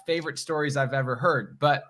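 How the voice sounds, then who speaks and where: A man's voice: mid-range voice, fairly quick, fairly bright tone. A man hosting a casual podcast interview, chiming in briefly to encourage his guest. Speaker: podcast host.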